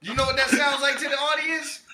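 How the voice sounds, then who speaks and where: Man, high-pitched, loud exclaiming manner, casual podcast chat, background noise. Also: fairly quick. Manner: loud, exclaiming, laughing, swearing often. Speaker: podcast co-host. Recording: echoey room with steady noise.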